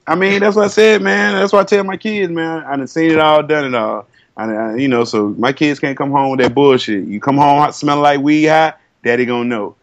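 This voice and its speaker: A man's voice: a little high, fairly quick, no room sound. A man in his thirties, a podcast co-host, telling a long story in casual chat, cursing a lot and acting out what others said. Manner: laid-back storytelling, heavy cursing, acts out quotes. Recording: dull lo-fi sound.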